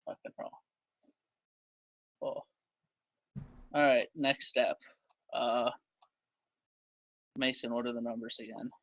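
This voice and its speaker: A man playing a tabletop role-playing game, excitable and quick to swear, with frustrated outbursts. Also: mid-range voice, dry recording. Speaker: player.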